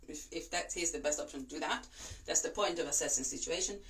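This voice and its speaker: A woman, a voice and breathing coach whose first language is not English, giving calm, reassuring instructions and demonstrating slow breaths. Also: deep voice, recorded from a distance. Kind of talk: instructional talk to camera.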